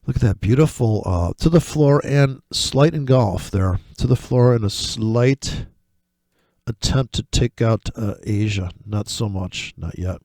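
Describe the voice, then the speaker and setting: A man giving casual, rambling commentary over trading charts, swearing often and breaking into excited, mocking asides. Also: on the low side, measured pace, no echo. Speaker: forex trading vlogger.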